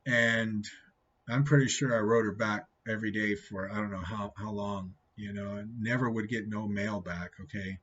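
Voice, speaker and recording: Brief: husky man, casual testimony, keeps asking "okay?", dull lo-fi sound. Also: on the low side, steady tone, normal speed, fairly bright tone. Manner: rambling, repeats "okay?" often. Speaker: testimony vlogger. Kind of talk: personal testimony, casual storytelling. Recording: dull lo-fi recording.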